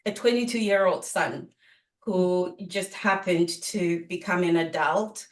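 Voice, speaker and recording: A middle-aged woman speaks slowly and thoughtfully as a guest in an interview, her voice a touch low. She sits back from the microphone in a roomy, echoing space. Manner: measured, thoughtful, with light laughs and frequent ums. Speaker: author guest. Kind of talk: interview conversation. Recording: roomy, distant from the mic.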